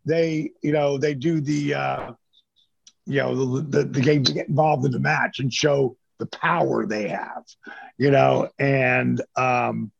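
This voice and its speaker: Gravelly middle-aged guy telling wrestling-days stories, swears a lot, sounds kinda muffled and dry. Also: mid-range voice, a little slow, no echo. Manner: animated storyteller who acts out quotes, swears freely. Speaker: guest, former pro wrestler. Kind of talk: casual storytelling interview.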